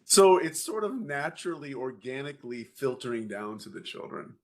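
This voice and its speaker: Interview guest: man in his thirties at medium pitch, an animated storyteller who acts out each exchange. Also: normal speed. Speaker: guest parent.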